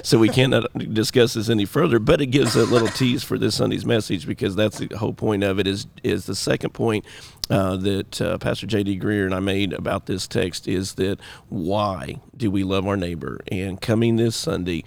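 A man's voice: on the low side, moderate pace. A middle-aged man, a pastor, talking casually and joking on a church podcast. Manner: animated, joking, gravelly.

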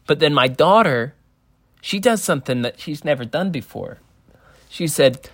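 A man telling a meandering stand-up story live, in a deadpan, profane manner. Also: a little high, normal speed, no room sound. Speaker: stand-up comedian. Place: library event space.

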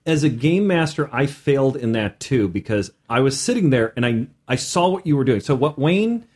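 A man hosting a casual podcast as a game master, animated, with many restarts. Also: medium pitch, normal speed, husky.

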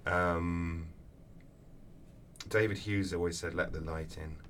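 A man answering interview questions as an author, telling lively anecdotes with acted-out voices. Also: sits low, takes it slowly. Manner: animated storyteller, acts out voices in anecdotes. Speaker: author guest. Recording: distant mic with faint background noise.

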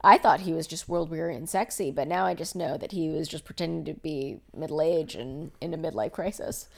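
A woman co-hosting a podcast in casual film talk, animated and blunt, swearing freely. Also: deep voice, a little fast, vocal fry. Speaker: podcast co-host.

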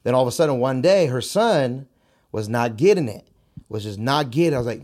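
A young adult man in a relaxed podcast conversation, speaking at an average pitch. He tells stories candidly and loosely, often repeating a phrase as he works through a thought. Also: fairly quick. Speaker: martial arts instructor.

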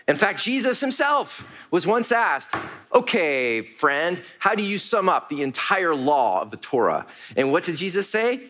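Man, pastor, bright tone, earnest repeating sermon cadence. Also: high-pitched, very animated, a little slow, slight background noise. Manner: earnest, repetitive preaching cadence.

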